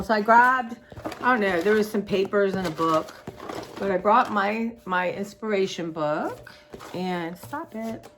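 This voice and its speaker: An American woman vlogger with a mid-range, slightly bright voice and a sore throat rambles chattily to her viewers in a casual art vlog. The recording has a little hiss or hum.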